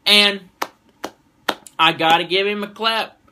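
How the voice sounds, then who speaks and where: Excitable and swearing freely, a man reviews an anime episode casually and retells a fight, his voice sitting high and moving slowly.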